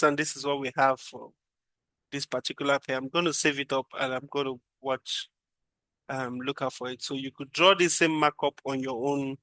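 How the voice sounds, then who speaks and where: A man's voice: medium pitch, sharp tone, no room sound. A man casually walking through a trading chart, thinking aloud and repeating phrases as he goes. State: yawning, drowsy. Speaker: trading analyst.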